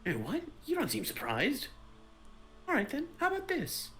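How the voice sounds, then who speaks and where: A woman's voice: high-pitched, huge pitch swings, moderate pace, a bit bright, slight background noise, heavily acted. A woman voicing a nosy, sly male gossip with a put-on, wavering Cockney-style accent, reading game dialogue. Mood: conspiratorial.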